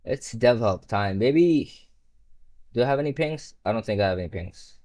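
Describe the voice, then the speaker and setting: A man's voice: medium pitch, lively intonation, normal speed, dark tone. A young man who is not a native English speaker, chatting casually on a live stream while coding, rambling and swearing when frustrated. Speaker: livestreamer.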